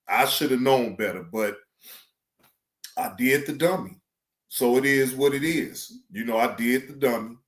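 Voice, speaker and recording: A man's voice: measured pace, roomy sound. A man chatting loosely and profanely on a live stream. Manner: loose, animated, profane, slangy, mimics others in high voice. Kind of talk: casual live stream chat.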